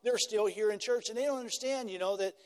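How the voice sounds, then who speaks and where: Man, pastor, sermon, high voice, chatty repetitions, long hall reverb. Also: fast talker, clear, resonant tone. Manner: conversational, repeats phrases, frequent "right?" tags.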